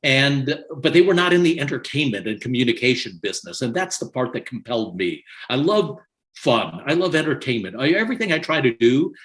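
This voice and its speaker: Animated older man telling stories. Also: mid-range voice, a little fast. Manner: animated, laughs often while telling stories. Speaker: podcast guest. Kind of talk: conversational storytelling.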